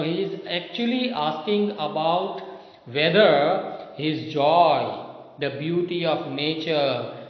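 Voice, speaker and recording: A male literature lecturer with a slightly raised voice speaks at a slow, measured pace, padding his points with "you know" and "okay". His voice rings in a reverberant room on a dull, lo-fi recording. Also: a little high. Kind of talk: classroom lecture explaining a poem.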